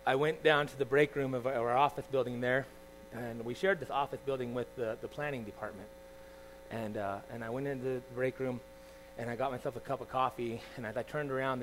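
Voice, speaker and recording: A man preaching a sermon, telling a personal story in a conversational, animated way with asides to his listeners. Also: mid-range voice, slight background noise.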